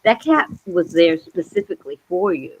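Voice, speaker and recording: Chatty woman with a lowish voice. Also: normal speed, breathy edge, low-quality recording. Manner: rambling, animated storytelling with laughs. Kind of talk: casual chat. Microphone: video call.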